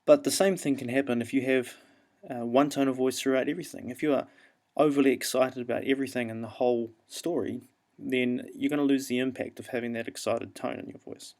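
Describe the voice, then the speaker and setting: A man with a New Zealand accent, an English teacher explaining how to perform an audio story in a relaxed, explanatory way. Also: mid-range voice, a little fast. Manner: relaxed, explanatory, frequent ums and uhs. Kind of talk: classroom instructional talk.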